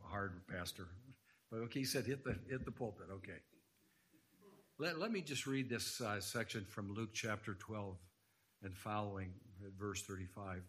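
A man's voice: on the low side, fairly bright tone. A man preaching an earnest sermon in a church, quoting scripture and rising to emphatic points. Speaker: guest preacher. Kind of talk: sermon lecture.

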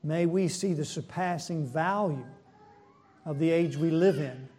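A man preaches a sermon at a slow, deliberate pace, his voice sitting high yet soft and mellow in tone. He poses rhetorical questions to the congregation, rising sharply in pitch and force to drive a point home, then sinking back low and quiet. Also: slightly rough. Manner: builds in pitch and loudness when pressing a point, then drops low and soft.

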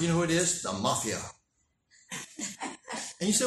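A man preaching a sermon as a pastor, animated and acting out dialogue in character voices. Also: a little high, moderate pace, long pauses, slight background noise. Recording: echoey room, mic at a distance.

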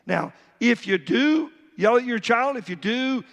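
A man's voice: extremely high pitch, animated, measured pace, vocal fry, a bit bright, big-room sound. A man, the pastor, preaching a sermon, reading Bible verses aloud and acting out a father's talk with his son. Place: church sanctuary.

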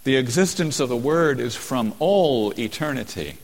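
Male pastor, mid-pitch, emphatic sermon delivery, reverberant sanctuary sound. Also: lively intonation. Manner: emphatic, slows down to stress key phrases. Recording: long hall reverb.

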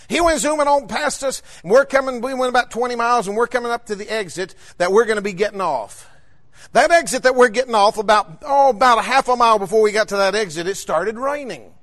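A man preaching a sermon, telling a personal story and rising fervently to shouts on key points. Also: sits high.

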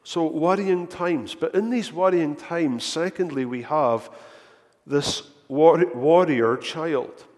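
A man's voice: fairly high pitch, slow pace, darkish tone. A man preaching a sermon in earnest tones, often repeating words as he builds a point, recorded in a church. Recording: echoey hall.

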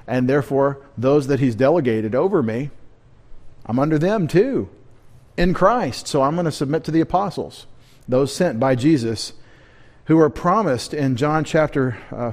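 A man's voice: medium pitch, darkish tone. A man preaching a midweek sermon as pastor, talking conversationally, asking the congregation questions and adding joking asides.

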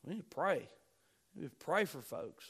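A man's voice: on the high side, animated, normal speed, a bit bright, husky. Man preaching with rising emphasis. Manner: preaching with rising emphasis, repeating key phrases. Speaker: pastor. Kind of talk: sermon.

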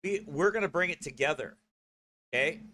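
A man's voice: fairly high pitch, lively intonation, normal speed, sharp tone. A man hosting a broadcast, rambling casually and often checking in with "okay?" or "right?" and breaking into laughter. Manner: laughs often while talking. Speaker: host.

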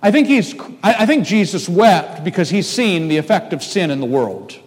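Higher-pitched man preaching in reverberant hall. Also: sing-song, moderate pace, darkish tone. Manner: earnest pastoral address to a congregation. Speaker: pastor. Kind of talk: sermon.

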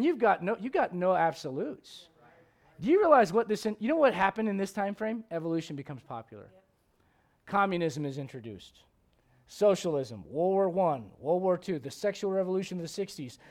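A man preaching a sermon as pastor, swinging between loud emphatic questions and low, quiet asides. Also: expressive, a little fast.

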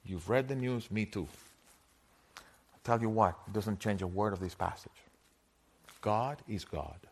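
Middle-aged guy preaching, chatty, laughs a lot, gets loud then real quiet. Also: on the low side. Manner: conversational preaching, laughs often, swings from soft to loud. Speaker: pastor. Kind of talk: sermon.

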